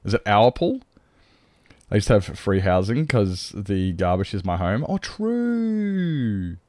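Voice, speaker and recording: Aussie guy streaming a game, lowish voice, rambly chat with viewers, dry sound. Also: lively intonation, moderate pace, darkish tone, dry recording. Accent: Australian. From Australia. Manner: rambling, reads and answers chat. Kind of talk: casual chat while playing a game.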